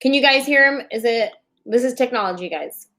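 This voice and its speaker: A woman's voice: on the high side, brisk, fairly bright tone. A woman hosting a casual livestream chat show from a borrowed bedroom, chatty and playful, joking through technical trouble over a laptop mic. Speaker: host.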